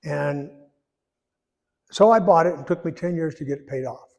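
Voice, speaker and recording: A man's voice: on the high side, vocal fry, a little mellow. Older man telling a folksy testimony. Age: 80s. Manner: rambling, folksy storytelling with emotional pauses. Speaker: church member giving testimony. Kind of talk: personal testimony. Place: church sanctuary. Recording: echoey church hall.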